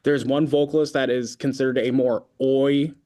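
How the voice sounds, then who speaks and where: In a casual interview, a man who fronts a band as its vocalist and hails from Concord, California, talks at a normal pace in a medium-pitched voice. He spins animated, wandering stories full of fillers.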